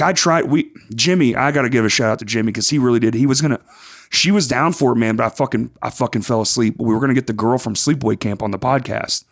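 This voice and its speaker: A man hosting a podcast, telling con stories in a profane, animated casual way. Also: medium pitch. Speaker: podcast host.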